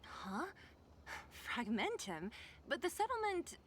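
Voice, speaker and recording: Skeptical young woman, kinda high, lively pitch, teasing, game voice. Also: slow pace, a little hiss or hum, full character voice. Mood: wry. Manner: wry and teasing. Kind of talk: game character voice.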